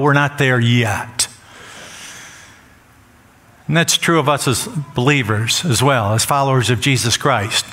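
A man delivers a sermon with a bright, forceful edge, his voice sitting a bit higher than most men's. He presses his points by saying them again and again. The sound carries a long reverb from a church sanctuary. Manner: emphatic, repeats phrases for stress. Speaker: pastor.

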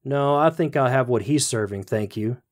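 A man's voice: medium pitch, moderate pace, close to an everyday voice. Smug teasing trickster, stingy and sly, voiced by a man, storybook reading.

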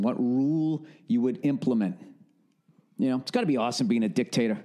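A man's voice: medium pitch, fairly quick, warm tone. A middle-aged man with a Boston accent, ranting solo as a podcast host in a casual comedic monologue, profane and laughing often. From northern United States. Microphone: studio podcast mic.

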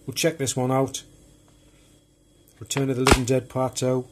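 A man with a mid-range, monotone voice walks through his film collection on video at a moderate pace, over a very noisy background. His casual show-and-tell is chatty, rambling, and unpolished.

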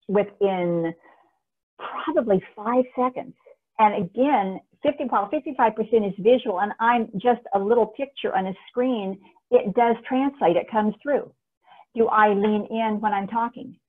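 A woman speaker giving an energetic, emphatic webinar talk on communication, recorded on a laptop mic. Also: on the low side. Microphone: laptop camera mic. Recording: tinny phone-like webinar audio.

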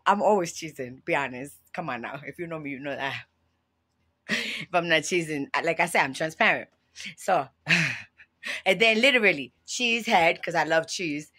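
A woman's voice: medium pitch, animated, moderate pace, bright, forceful tone. A woman vlogging in a casual storytelling way, chatty and self-amused, laughing often at her own jokes.

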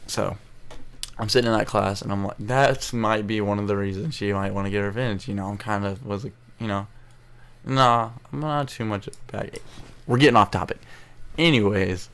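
A teenage boy telling a story to camera in a rambling, emotional way, recorded on an earbud mic at low quality. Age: teens. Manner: rambling, restarts often, emotional. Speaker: vlogger. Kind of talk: casual storytelling vlog.

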